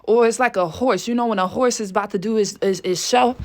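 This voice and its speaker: A woman's voice: medium pitch, fast talker. Breathless fervent woman giving a reading. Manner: fervent, exclaims whew often, swears casually. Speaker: spiritual reader. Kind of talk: spiritual reading monologue.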